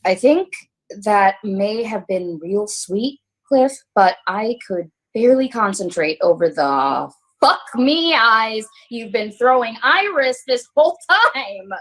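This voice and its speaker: A woman's voice: fairly high pitch, expressive, takes it slowly, a bit bright, exaggerated voice, low-quality recording. A woman playing a furious actress who hurls profane insults at castmates on a video call. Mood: sneering. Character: foul-mouthed furious actress Daphne. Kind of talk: comedic acting over video call.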